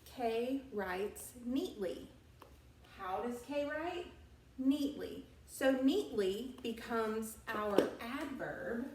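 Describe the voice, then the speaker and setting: A woman teaching an elementary school lesson for remote students, slow and patient, recorded on a tablet in a classroom. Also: a little high, darkish tone, distant mic, slight background noise. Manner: slow, patient, drawn-out instructional delivery. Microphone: tablet device recording. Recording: echoey room, voice off-mic.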